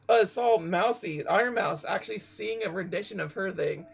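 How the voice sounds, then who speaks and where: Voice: medium pitch, normal speed, creaky, hardly any pauses, husky, faint music behind. A streamer reading a game aloud on a live stream and breaking off for playful, joking asides.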